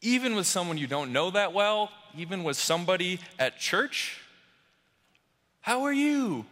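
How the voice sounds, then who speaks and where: A young man preaching a sermon in a church, slow and dramatic, crying out the voices of a desperate crowd. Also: high-pitched, expressive, bright, forceful tone. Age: young adult. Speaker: pastoral resident. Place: church sanctuary. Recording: long church reverb.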